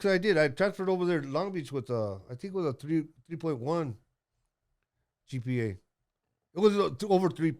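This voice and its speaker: A man's voice: fairly high pitch, expressive, brisk, long pauses, a little mellow. A man in his sixties telling a rambling story as a guest, blunt and profane, with lots of fillers and restarts. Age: 60s.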